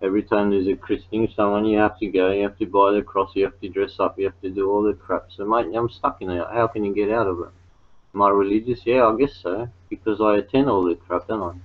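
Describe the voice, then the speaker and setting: A man's voice: fairly low pitch, fairly even intonation, quick pace. A man in casual group chat, rambling on about religion's hold and calling others mate and man. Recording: tinny phone-like sound.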